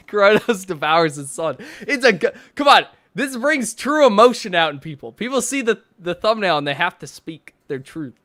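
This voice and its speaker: Sarcastic streamer man, high lively voice. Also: moderate pace, few pauses. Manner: sarcastic, mocking, laughs often. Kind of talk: casual reaction stream commentary. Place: his own bedroom.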